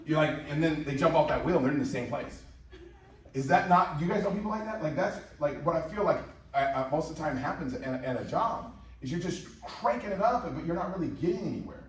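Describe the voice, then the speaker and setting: A man's voice: fairly high pitch, animated, fairly quick. A man from Indiana giving a joking sales presentation to a live audience, often asking the room questions. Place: company office meeting room. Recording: echoey room, from a distance.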